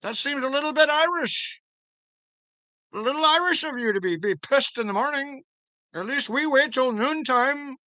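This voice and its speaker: A man's voice: very high-pitched, lively intonation, moderate pace, pushed and bright, dry recording, voice pushed up, full character voice. A man putting on an exaggerated British voice, playing a cheeky, teasing bloke with heavy slang.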